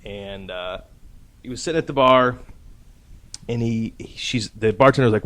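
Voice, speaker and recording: A man's voice: medium pitch, normal speed. A man hosting a casual podcast, telling a rambling, profane anecdote and laughing at his own story. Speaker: podcast host.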